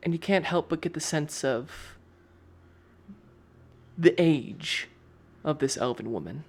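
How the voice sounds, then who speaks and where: A man's voice: a little high, animated, slow. A man narrating a tabletop game as game master, describing scenes in the second person. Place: live stream.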